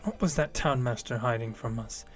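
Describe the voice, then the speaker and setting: A man's voice: mid-range voice, moderate pace, soft background music, pitched below the performer's own voice, lightly acted. A man voicing a weary, exasperated female town leader who grumbles and swears in a tabletop game. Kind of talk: game master voicing a character.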